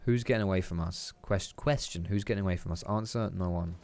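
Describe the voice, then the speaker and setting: A man's voice: low-pitched, fairly quick, a little mellow, a little hiss or hum. A young man giving casual, chatty commentary over his own gameplay, swearing and tossing out teasing asides.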